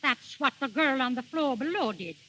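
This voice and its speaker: An actress playing a stern, bossy mother in a 1930s radio drama, sharp and scolding. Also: high-pitched, expressive, normal speed, full character voice. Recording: old radio broadcast with long reverb.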